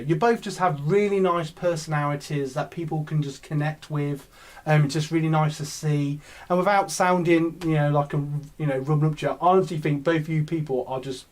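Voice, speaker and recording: A chatty English man hosts a casual live stream from his home setup, with a voice that sits a little higher than most men's. He rambles easily, full of ums and self-corrections, as he talks to viewers. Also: darkish tone. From England. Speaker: YouTube channel host.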